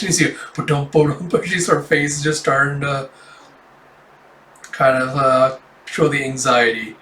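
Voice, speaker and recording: A man casually reading a manga chapter aloud, relaxed, with a lot of "like" and the odd chuckle. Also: medium pitch, unhurried, long pauses, distant mic. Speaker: manga reader. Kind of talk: casual manga read-through. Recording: echoey room, off-mic.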